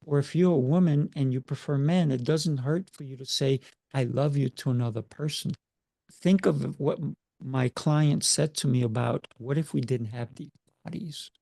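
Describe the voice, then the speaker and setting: Husky-toned, gravelly man coaching emphatically. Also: medium pitch, moderate pace, dark tone, dry recording, studio quality. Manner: emphatic, rhetorical questions. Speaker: martial arts instructor and coach. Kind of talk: casual interview chat.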